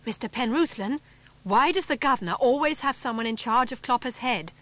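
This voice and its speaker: A woman's voice: on the high side, animated, a little fast, fairly bright tone, pitched above the performer's own voice. Woman voicing an eager, urgent schoolboy. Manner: earnest and urgent. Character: eager, bright schoolboy Julian.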